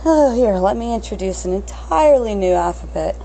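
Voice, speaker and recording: A woman's voice: medium pitch, expressive, normal speed, gravelly, warm tone, a little hiss or hum, low-quality recording. A woman in her thirties hosting an unscripted solo podcast, crass and blunt, swearing freely and mocking herself. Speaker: podcast host.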